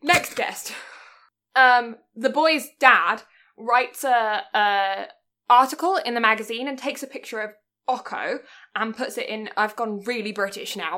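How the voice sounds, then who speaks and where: Giggly, bright-voiced woman podcaster. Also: on the high side, unhurried. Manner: giggly, rambling, swears freely. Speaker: podcast co-host. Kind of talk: casual chat recapping a film.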